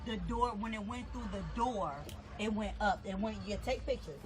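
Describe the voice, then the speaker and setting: A woman's voice: medium pitch, normal speed, background noise. A woman telling what happened near her home, repeating details emphatically in a casual way. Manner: repetitive, emphatic retelling. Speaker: local resident. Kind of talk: casual outdoor account.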